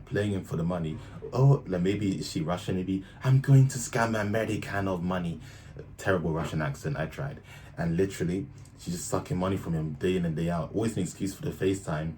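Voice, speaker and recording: A man's voice: low-pitched, darkish tone, slight background noise. A young man giving casual, blunt, slangy reaction commentary as the host of a reaction video. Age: young adult.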